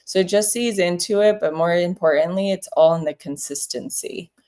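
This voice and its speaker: A woman hosting a relaxed, chatty livestream from her home office, giving real estate advice and acting out phone calls in little voices. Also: fairly low pitch, moderate pace. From South Florida. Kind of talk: casual livestream advice chat.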